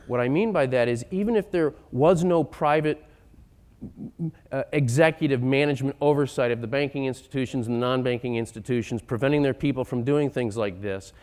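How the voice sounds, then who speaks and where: Insistent male speaker, smooth resonant tone, lectures with rising emphasis. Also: mid-range voice. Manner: emphatic, building to loud insistent points. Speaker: economic speaker. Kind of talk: lecture-style talk.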